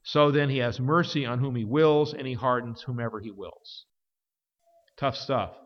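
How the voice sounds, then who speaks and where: A man preaching a sermon, emphatic, swinging from forceful peaks down to quiet, low stretches. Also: moderate pace. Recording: dull sound with long hall reverb.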